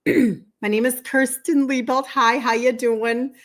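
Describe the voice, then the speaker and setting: Hosting a relaxed livestream indoors with balloons at her back, this health coach from Minnesota, USA, in her fifties, speaks slowly with a slightly high, steady voice and her regional accent. She chats freely, repeats words, and welcomes viewers by name.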